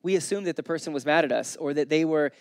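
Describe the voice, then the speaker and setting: A man's voice: fairly high pitch, quick pace, no room sound, clean studio sound. A young man preaching a sermon in a casual, conversational way, telling stories and briefly acting out the people in them. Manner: casual, storytelling, voices the people in his stories. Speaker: pastor.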